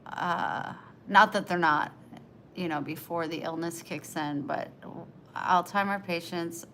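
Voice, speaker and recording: A woman's voice: lowish voice, steady tone, slow, fairly bright tone, a little hiss or hum, rough recording. A woman livestreaming, chatting with her viewers in a tender, emotional, rambling way. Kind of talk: casual live chat.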